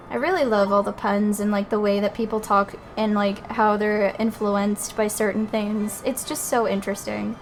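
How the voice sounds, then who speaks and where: A woman's voice: medium pitch, level tone, moderate pace, few pauses, soft background music. A woman streaming a game, chatting casually in a self-deprecating way and searching aloud for words. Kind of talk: casual gaming commentary.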